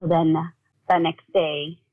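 A woman telling a personal story as an interview guest, in a halting way with many fillers, often acting out what family members said. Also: low voice, level tone. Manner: halting, full of "like", acts out quoted family talk. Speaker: guest, bereaved mother. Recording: tinny phone-like audio.

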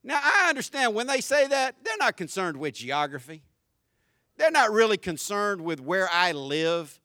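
High-voiced Southern preacher. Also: male voice, big pitch swings, moderate pace, no echo, studio quality. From Jacksonville, Florida. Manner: folksy, swings between quiet asides and loud shouted preaching. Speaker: pastor. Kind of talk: sermon.

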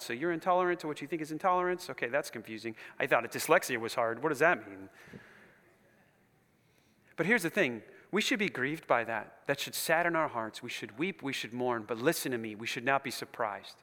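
A man preaching a sermon with passion, dropping to hushed near-whispers and building to loud repeated lines, with casual asides. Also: medium pitch, lively intonation, brisk. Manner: conversational asides and repetition. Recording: long reverb of a large hall.

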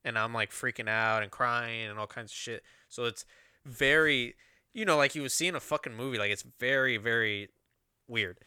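A man's voice: medium pitch, normal speed, bright, forceful tone, clear, resonant tone, no room sound, clean studio sound. A man telling a personal story in a rambling, casual way, with lots of swearing and fillers.

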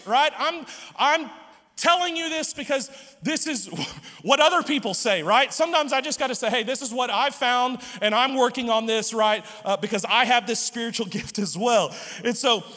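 A man's voice: very high voice, moderate pace, bright, forceful tone, big-room sound. A man preaching a sermon as pastor, stammering through restarts and joking asides.

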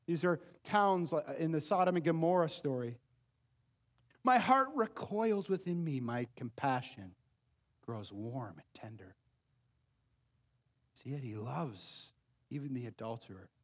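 A man preaching a sermon as pastor, moving between loud emphatic peaks and hushed, low asides. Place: church sanctuary. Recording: long church hall reverb.

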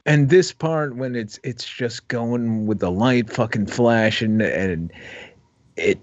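A man co-hosting a casual movie commentary podcast, unhurried and laughing often. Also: medium pitch, dull audio. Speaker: podcast co-host.

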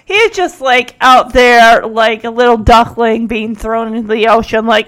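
A woman's voice: normal speed, few pauses, a bit bright. A woman giving casual, opinionated commentary while reacting to a TV episode. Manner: chatty, opinionated, drifting pitch with mimicry.

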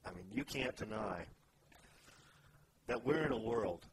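A man reading scripture aloud and then reflecting in halting, searching phrases during a casual faith discussion. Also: on the low side, expressive. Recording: noisy background ambience.

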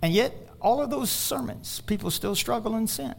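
High-pitched male pastor, preaching in an animated sermon style, loud one moment and hushed the next. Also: moderate pace, gravelly.

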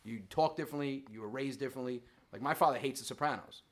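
A man, a comedian guest talking in a casual podcast chat, emphatic and animated. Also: mid-range voice, fast talker.

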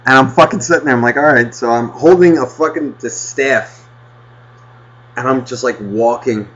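A man casually telling a rambling childhood story on a podcast, swearing constantly and getting animated. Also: medium pitch, moderate pace. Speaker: podcast host. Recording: dull lo-fi podcast audio.

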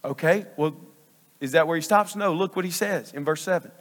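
A man's voice: on the high side, fairly quick. A male pastor preaching a sermon in a church sanctuary, emphatic and repeating phrases for stress. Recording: long reverb of a large church hall.

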